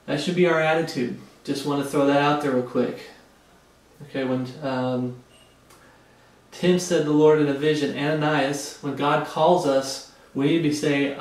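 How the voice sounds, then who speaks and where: A man's voice: fairly high pitch, flat delivery, normal speed. A man preaching a Bible study, reading scripture aloud and explaining it in plain, casual talk. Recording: echoey room, mic far off.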